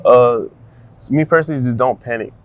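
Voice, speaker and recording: A young man, a college football player, answering interview questions in a soft-spoken, halting way with many fillers and restarts. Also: medium pitch. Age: young adult. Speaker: college football cornerback guest.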